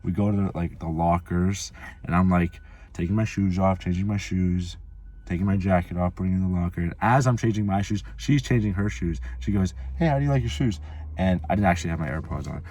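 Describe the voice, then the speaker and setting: A man's voice: sits low, brisk, a little mellow. A man vlogging casually, telling a rambling story full of swearing and filler words. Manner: rambling, profane, lots of "like" fillers.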